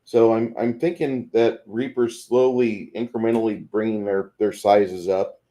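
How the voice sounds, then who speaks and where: A man's voice: on the low side, steady tone, measured pace, dark tone. A man on a video call reading viewer comments and showing miniatures while chatting casually. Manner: reads viewer comments, shows figures on camera. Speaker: co-host. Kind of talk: casual chat about miniatures. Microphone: video call webcam.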